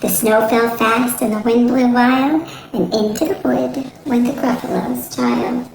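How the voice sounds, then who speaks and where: A woman teacher from the northern United States reading a children's picture book aloud in a clear, lilting way. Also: a little high, steady tone, measured pace, a little mellow, slight background noise. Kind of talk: children's storybook read-aloud. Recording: roomy echo, faint music.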